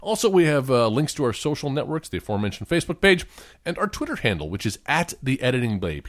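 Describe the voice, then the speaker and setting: A man co-hosting a casual movie podcast, enthusiastic and quick to laugh. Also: mid-range voice. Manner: enthusiastic, lively, laughs often. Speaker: podcast co-host.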